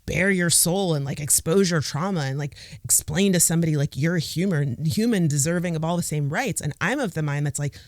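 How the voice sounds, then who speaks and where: A woman guest on a podcast, chatting casually, animated and filling her talk with "like". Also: sits low, fairly quick, few pauses, no echo, clean studio sound. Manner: animated, quotes people in acted voices; fills speech with "like".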